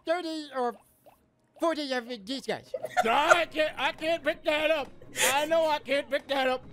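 A man's voice: very high-pitched, a little slow, background noise, voice pushed up. A man putting on a goofy, hammy voice that is not his normal speech. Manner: playful, hammy and fidgety. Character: goofy silly put-on man's voice.

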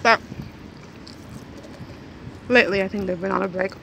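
A vlogger chats casually to her camera outdoors in hot weather, rambling and talking while she eats. Her mid-range voice is creaky and a bit bright at a normal speed, and there's faint background noise.

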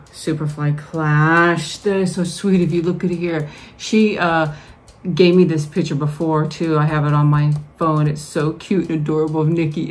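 Low-voiced woman gushing over mail. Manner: gushing, excited, talks to viewers. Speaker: vlogger. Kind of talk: casual mail-opening vlog.

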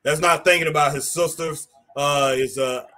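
Guy hyped up reading chat comments, kinda high bright voice. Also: moderate pace. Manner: excitable, exclaims at the action. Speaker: co-host of a live wrestling watch-along.

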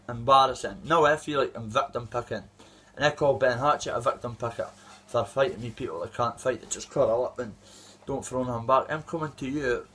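With a mid-range voice that's a bit bright and slightly rough, a Scottish man in his thirties who fights as an amateur calls out a rival. His trash talk is aggressive and rambling, made as a callout video.

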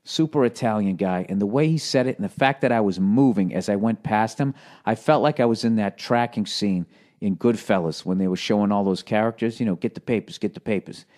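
A comedian and podcast host telling a story in casual, profane speech with an American accent. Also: male voice, lowish voice, fairly quick. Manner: profane, animated, conversational.

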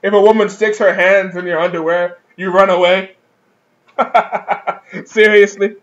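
A man with a high-pitched voice gives a casual, comic review, mocking and swearing freely. The recording is dull and lo-fi. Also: fairly even intonation, a little slow, a bit bright. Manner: profane, mocking, laughs often. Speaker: manga reviewer.

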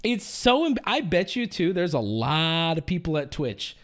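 Furious man ranting, wildly swinging pitch. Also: big pitch swings, a little slow. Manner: furious, swearing, exasperated. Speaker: streamer. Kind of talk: angry live-stream rant.

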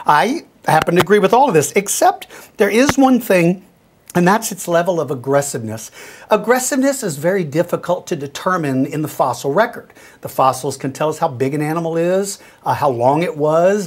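A middle-aged man hosting a question-and-answer show, explaining things in a friendly, folksy way straight to young viewers. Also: sits high. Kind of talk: casual explanatory talk.

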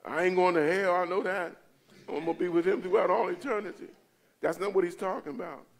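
Gravelly-voiced male pastor, conversational. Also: high-pitched, steady tone, brisk. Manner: conversational, often checks in with the listeners. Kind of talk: Bible study teaching. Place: church.

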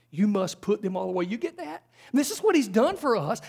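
A man's voice: high voice, lively intonation, quick pace, vocal fry, hardly any pauses, a little mellow, slightly rough. A man preaching a sermon in a church, conversational, with frequent rhetorical questions. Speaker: pastor. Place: church sanctuary.

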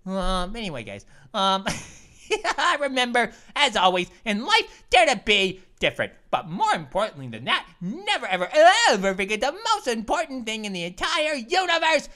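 A woman voicing an excitable cartoon grape who hosts a gaming channel, talking to herself in a jumpy, silly way and repeating phrases. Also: fairly high pitch, moderate pace. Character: excitable cartoon grape playing video games. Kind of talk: cartoon let's-play commentary.

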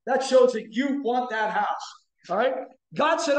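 A man preaches with a very high voice, punching key phrases in loud, emphatic bursts. His sermon rings through an echoey church room. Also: expressive, measured pace. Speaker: guest preacher. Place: church sanctuary.

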